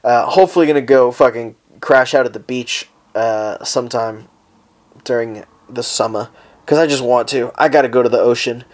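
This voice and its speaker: A man's voice: mid-range voice, normal speed. A young man hosting a casual solo podcast, rambling through stories with heavy swearing and frequent laughter. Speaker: podcast host.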